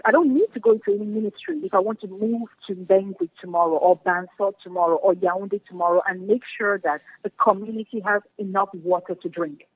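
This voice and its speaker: A woman's voice: mid-range voice, slightly rough, dry recording. Earnest woman on a tinny phone line. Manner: earnest, passionate, repeats key phrases. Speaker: guest. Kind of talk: phone interview. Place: home in Germany.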